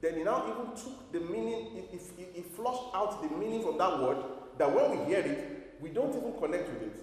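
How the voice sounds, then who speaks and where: In a church hall, heard distantly with lots of echo, a pastor delivers a forceful sermon loaded with rhetorical questions. He speaks at a moderate pace, his high, slightly mellow voice rising and falling lively.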